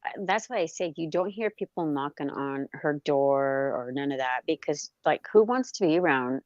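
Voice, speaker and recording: A woman's voice: deep voice, expressive, moderate pace, darkish tone, no echo, lo-fi sound. A woman in casual livestream gossip, blunt, profane and mocking as she talks about someone else. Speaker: livestream co-host.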